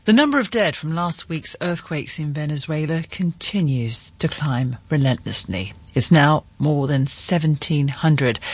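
A man presenting the news, reading reports in a measured, serious way and questioning a correspondent. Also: on the high side, dry recording. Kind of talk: scripted news reading and interviewing.

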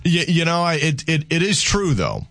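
A man's voice: a little high, very animated, normal speed, fairly bright tone, dry recording, studio quality. A man hosting a casual morning radio show, rambling and self-mocking with frequent restarts. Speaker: radio host. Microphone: studio microphone.

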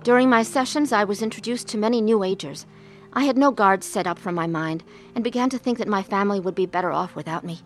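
A woman with a mid-range voice speaks quickly and earnestly, narrating and also playing a troubled adult woman in emotional pain. Faint music sits behind her, and her delivery is lightly acted. The mood is somber in this dramatized testimony told in first person, with her as both narrator and main character.

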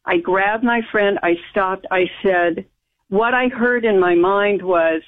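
A woman's voice: medium pitch, slow. Woman telling a story over a phone line. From United States. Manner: rambling, emphatic, with frequent restarts and laughs. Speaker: guest. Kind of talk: recounting a personal story in conversation. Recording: tinny phone-line audio.

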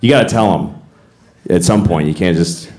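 A man doing a stand-up comedy routine, telling stories animatedly and shouting punchlines. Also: sits low, moderate pace. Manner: animated storytelling, acts out voices, shouts punchlines.

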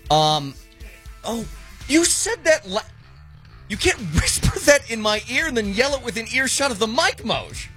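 A man hosting a casual sports talk show, animated and swooping in pitch when excited. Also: unhurried, soft background music.

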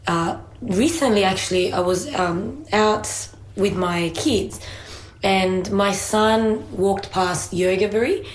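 A woman co-hosting a casual conversation, a mother telling everyday stories in a chatty, animated way and laughing easily. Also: mid-range voice, slow pace. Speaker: podcast co-host and mother. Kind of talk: casual conversation, anecdotal storytelling. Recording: roomy echoey room.

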